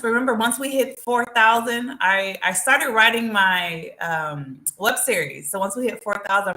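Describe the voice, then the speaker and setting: A woman hosting a live stream, talking straight to her viewers in an animated, chatty way. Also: lowish voice. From United States. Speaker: vlogger. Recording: roomy echo.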